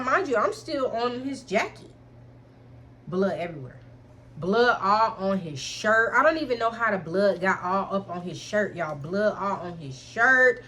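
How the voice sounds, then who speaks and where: A woman's voice: medium pitch, fairly bright tone, slight background noise. A young adult woman vlogger telling a candid storytime in frank slang, keeps addressing listeners as y'all.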